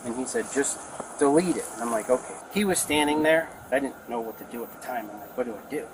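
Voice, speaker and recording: Man giving a statement to police, quick rambling talk, noisy outdoor body camera. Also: medium pitch. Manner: rambling, acts out quoted talk. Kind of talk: retelling events to police.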